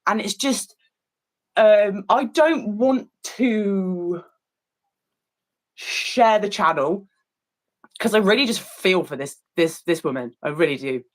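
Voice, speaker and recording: A woman's voice: mid-range voice, animated, takes it slowly, pauses often, rough recording. A woman in casual chat on an art stream, telling a long story with many fillers and restarts, sounding incredulous and disgusted. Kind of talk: casual chat while painting.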